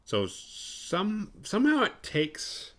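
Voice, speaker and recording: A man's voice: high voice, wildly swooping pitch, takes it slowly, a bit bright. A man hosting a horror movie podcast, recapping a film in a rambling, profane, sarcastic way.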